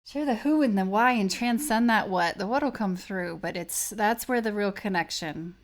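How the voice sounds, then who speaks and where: A woman hosts an interview podcast. She answers her guest with brief affirmations and moves on with quick, rapid-fire questions. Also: mid-range voice. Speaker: podcast host.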